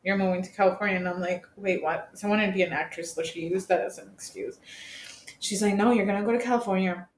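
Speaking fast with a steady tone at medium pitch, a young Colombian woman guests on a podcast and candidly relates a personal story. She swears freely and acts out quoted voices. The echoey room carries faint ambience and slight background noise.

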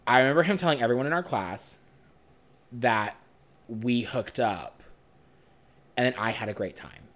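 A young man co-hosting a podcast, telling a personal story in a frank, animated way and swearing freely. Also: medium pitch, unhurried. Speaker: podcast co-host.

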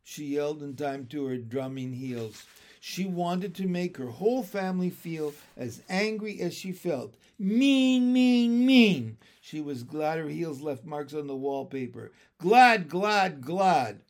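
A man's voice: a little high, unhurried. Man reading a children's book aloud. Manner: expressive, lively storytelling. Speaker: reader.

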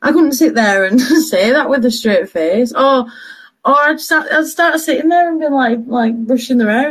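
A woman's voice: fairly high pitch, animated, normal speed, slightly rough. A young woman in her twenties, co-hosting a casual chat show and telling stories while laughing often. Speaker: podcast co-host.

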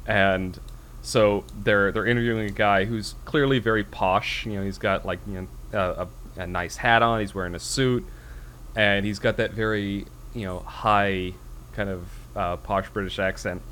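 A man co-hosting a podcast in casual chat, telling comedy sketches in an animated way. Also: lowish voice, normal speed, slight background noise. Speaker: podcast co-host.

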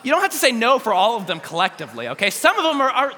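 High, bright-voiced energetic youth pastor man. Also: rapid-fire, hardly any pauses. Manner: energetic, joking, speaks straight to teens. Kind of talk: youth sermon. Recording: long hall reverb.

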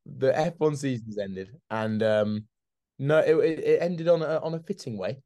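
A man's voice: mid-range voice, moderate pace, dark tone. A man, co-hosting a casual sports podcast, laughing often, calling his friend mate, and repeating words as he goes. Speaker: podcast co-host.

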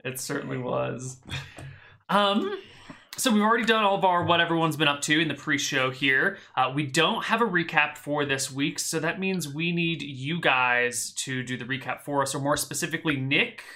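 A man running and hosting a tabletop game, narrating scenes slowly and chatting quickly with the players. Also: on the high side, pushed and bright. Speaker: game master and host.

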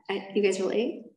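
A woman's voice: mid-range voice, echoey room, rough recording. A woman sharing her personal story with a group at a recovery meeting, candid and rambling, laughing at herself as she goes. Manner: candid, rambling, self-deprecating, laughs often.

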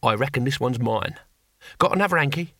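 A male narrator voicing a blunt, gruff old barbarian leader. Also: medium pitch, animated, fairly bright tone, no echo, clean studio sound. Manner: blunt, slow and matter-of-fact.

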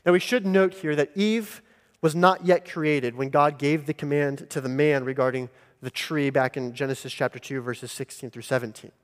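Male pastor, higher-pitched voice, emphatic sermon delivery, recorded in a reverberant sanctuary. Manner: deliberate, emphatic teaching. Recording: long hall reverb.

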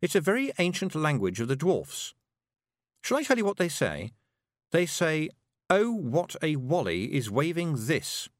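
A man voicing a sharp-witted young girl witch who talks coolly and with sweet sarcasm. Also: mid-range voice, huge pitch swings, normal speed, no room sound, studio quality. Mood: sly.

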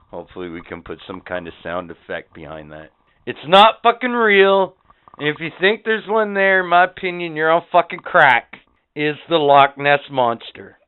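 Man, podcast host, profane rambling talk, smooth voice, tinny phone-like sound. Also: high voice. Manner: profane, rambling, swings loud and quiet. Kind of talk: casual podcast chat. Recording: phone-like lo-fi audio.

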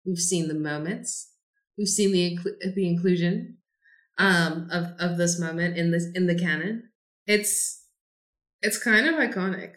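A woman's voice: on the low side, unhurried, a bit bright, reverberant. A woman co-hosting a podcast, chatting casually with lots of fillers and laughs. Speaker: podcast co-host. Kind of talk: casual chat.

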